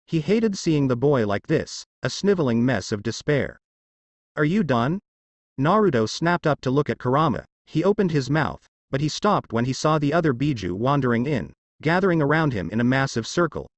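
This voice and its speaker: A man narrating a fanfiction audiobook with an expressive reading. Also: medium pitch, a little fast, dry recording.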